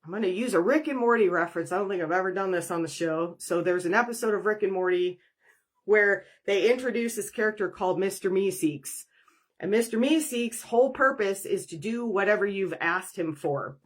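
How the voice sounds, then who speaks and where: A woman's voice: mid-range voice, brisk. A woman, a professional energy worker, talking through a spiritual podcast monologue in a conversational way, acting out inner dialogues.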